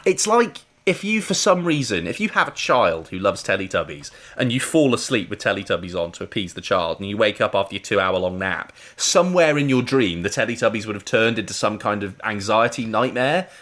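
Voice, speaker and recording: Chatty, low-voiced man. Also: animated, fairly quick, fairly bright tone. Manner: rambling, chatty, with frequent "like" and laughs. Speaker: podcast co-host. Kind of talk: casual chat reviewing a TV serial.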